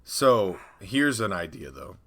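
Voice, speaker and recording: Excitable bright-voiced man pitching ideas. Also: slow pace, creaky. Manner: excitable, pitches ideas with fillers and sound effects. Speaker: podcast co-host designing a tabletop adventure. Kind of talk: casual brainstorming chat.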